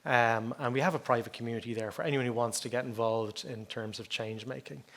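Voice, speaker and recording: An Irish man in middle age speaks at a conference. His pitch sits in the middle range, and he talks in a loose, chatty way, often dropping in "okay?" and "like, you know". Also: fairly even intonation, a little fast, fairly bright tone. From Ireland. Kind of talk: conference talk.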